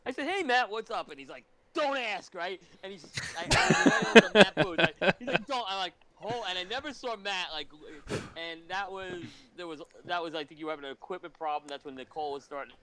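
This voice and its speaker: A man's voice: high voice, quick pace, a crowd in the background. A man co-hosting a casual podcast chat, telling stories in a blunt, emphatic way and swearing freely. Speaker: podcast co-host.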